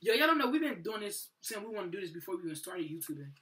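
A woman chatting excitedly and slangily in a casual vlog while she has a cough. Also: mid-range voice, rapid-fire. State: has a cough, eating a cough drop. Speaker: vlogger. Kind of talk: casual chat. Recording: noisy home video recording.

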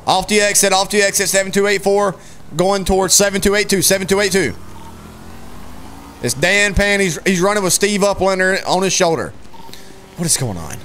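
A man streaming a police role-play game, excitedly calling out a chase, shouting and repeating himself. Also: sits high, a little hiss or hum. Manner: excitable, shouts and laughs, repeats phrases rapidly. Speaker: streamer playing a police deputy.

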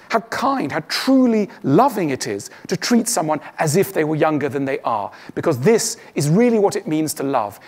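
A man's voice: a little high, darkish tone. A man giving a witty stage talk to an audience, acting out the voices he quotes. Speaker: public speaker.

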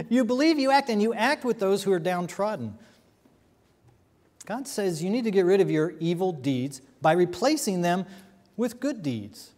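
A man's voice: high voice, darkish tone, big-room sound. A man preaching a sermon as a pastor, emphatic and full of rhetorical questions and repeated phrases.

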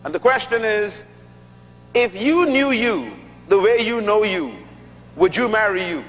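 High-voiced preacher in an echoing hall. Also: male voice, animated, fairly bright tone, a little hiss or hum. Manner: emphatic, repeats key lines slowly for effect; humorous, teasing the audience. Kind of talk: sermon. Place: large church hall. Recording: dull lo-fi recording with long hall reverb.

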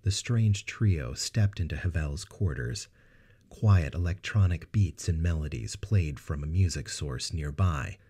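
Deep, husky male storyteller. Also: lively intonation, a little slow, dark tone. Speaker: narrator. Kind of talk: scripted audiobook narration.

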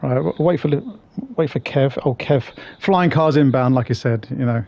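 A man's voice: mid-range voice, moderate pace, gravelly, warm tone, dry recording, muffled recording. A man streaming a game, chatting casually with viewers, swearing and greeting them by name. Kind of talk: casual live-stream chat.

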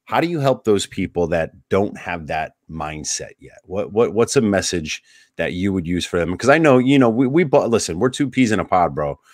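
Low-voiced casual male podcast host. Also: very animated, normal speed, a little mellow, no room sound, clean studio sound. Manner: casual, calls guest bro, searching phrasing. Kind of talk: conversational interview.

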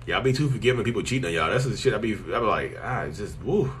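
A man's voice: on the low side, lively intonation, quick pace, hardly any pauses, a bit bright, slight background noise. A man hosting a casual live stream, answering viewers bluntly and joking with them. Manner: blunt, joking, teasing, colloquial, talks straight to viewers as "y'all".

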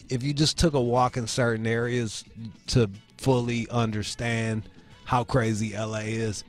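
Host, male, foul-mouthed rambling storyteller, faint music underneath. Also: medium pitch. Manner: profane, rambling, animated retelling. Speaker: show host. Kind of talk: casual storytelling.

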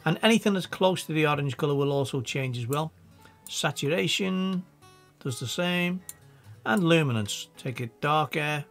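A man with a Scouse accent giving a casual, chatty software tutorial, thinking aloud as he works. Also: fairly high pitch, gravelly. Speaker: video editing tutor.

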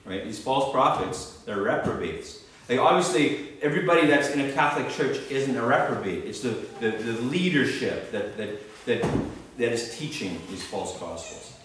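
A man's voice: medium pitch, lively intonation, moderate pace, fairly bright tone. A man with a Canadian accent preaching a sermon, emphatic and punctuating his points with "right?" and "okay?". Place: church hall. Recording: very echoey church, distant mic, faint noise.

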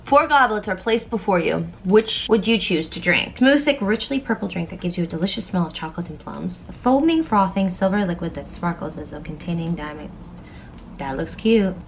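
A young woman vlogging casually through online quizzes, animated and excitable, thinking aloud as she goes. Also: lowish voice, a little fast, gravelly, a little hiss or hum. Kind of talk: casual quiz vlog.

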